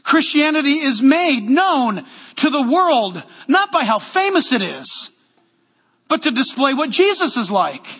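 A man preaching a sermon as pastor, energetic and loud, with joking asides to the congregation, in a church sanctuary. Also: extremely high pitch, a little slow, long reverb tail.

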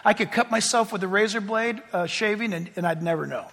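A man's voice: sits high, brisk, a bit bright, big-room sound. A middle-aged man preaching a sermon as pastor, telling chatty stories with self-deprecating humor.

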